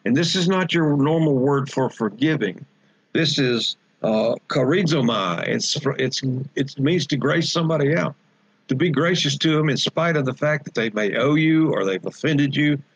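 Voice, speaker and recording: Gravelly, husky pastor teaching Bible study. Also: male voice, a little high, animated, normal speed, no echo, poor audio. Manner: explains Greek words, emphatic and repetitive.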